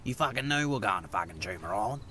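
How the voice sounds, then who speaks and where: Man playing a crude Aussie stoner; very deep, sharp-edged drawl. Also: lively intonation, very fast, a little hiss or hum. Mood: cocky. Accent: Australian. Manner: drawling, relentless swearing. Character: laid-back crude adult Aussie stoner bloke.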